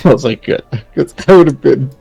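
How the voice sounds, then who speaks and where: A young man with a gravelly edge to his voice, chatting casually and rambling through a family story. He stacks fillers and restarts and laughs often. The sound is dry and close, with no room around it. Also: medium pitch, expressive, moderate pace, warm tone, no echo, soft background music, rough recording. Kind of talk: casual chat on a livestream.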